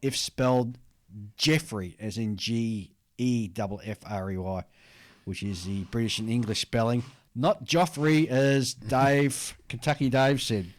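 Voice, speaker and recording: A man's voice: mid-range voice, fairly even intonation, measured pace. An Australian man co-hosting a hobby podcast, chatting casually and reading out listener mail, rambling and laughing at himself. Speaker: podcast co-host.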